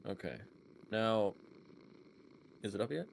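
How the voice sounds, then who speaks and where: A man's voice: fairly low pitch, expressive, slow pace, creaky. A man with a New York accent chatting over voice call, joking and rambling. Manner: joking, rambling, self-deprecating. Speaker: guest on voice call. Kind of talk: casual stream chat.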